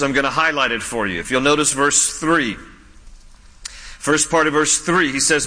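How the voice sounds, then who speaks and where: Male pastor, slightly high and very bright voice, earnest conversational sermon that slows down for emphasis. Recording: long hall reverb.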